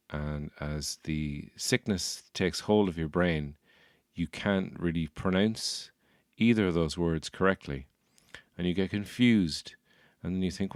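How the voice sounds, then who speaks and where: Brief: Dublin Irish comedian and podcast host, very low voice, dry and close, rambling and wry. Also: male voice, unhurried, smooth, no room sound. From Ireland. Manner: rambling, wry, self-mocking. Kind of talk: comic podcast monologue.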